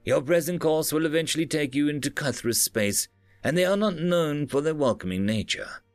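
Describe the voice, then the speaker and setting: A man voicing a stern, weary male starship captain who gives clipped, flat commands. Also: a little high, moderate pace, no echo, soft background music, voice pushed up, natural voice. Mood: blunt.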